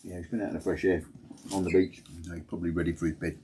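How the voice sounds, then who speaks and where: A deep, low-pitched man winds down at home after a long day, chatting to livestream viewers in a loose, rambling way. He sounds tired and laughs easily. A faint hiss sits behind his voice. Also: little pitch movement, rapid-fire. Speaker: fishing livestream host. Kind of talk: casual late-night chat to viewers. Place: at home at night.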